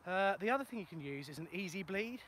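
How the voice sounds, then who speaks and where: A man's voice: high voice, lively intonation, quick pace, a bit bright, slight background noise. A plumber chatting casually on a live video while he walks across a field, joking about himself and answering viewers' questions. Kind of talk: casual live-stream chat while walking. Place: outdoors in a ploughed field in the countryside. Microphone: phone for a live video.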